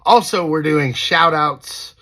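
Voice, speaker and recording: A male podcast host speaks to his listeners in an easy, unhurried way. His appeal is casual and friendly. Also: fairly high pitch, bright, forceful tone.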